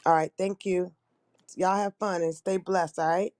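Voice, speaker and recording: A woman's voice: fairly low pitch, fairly even intonation, measured pace, darkish tone, dry recording. A woman hosting a casual livestream chat, talking in a loose, rambling way with many restarts. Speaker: livestream host.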